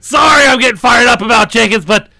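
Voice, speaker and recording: A fired-up conspiracy radio host with a gravelly, high, strained voice, as a man puts him on. He rants in a shouty, paranoid way, every sentence pushed hard. The sound is close and dry. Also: animated, moderate pace, dry recording, heavily acted. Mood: ranting.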